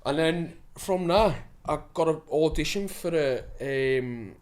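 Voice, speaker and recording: A man's voice: on the high side, animated, slow pace. A young man, an actor telling stories in a casual, swear-filled way and laughing as he goes. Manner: swears freely, laughs through his stories. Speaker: actor guest. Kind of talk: casual storytelling.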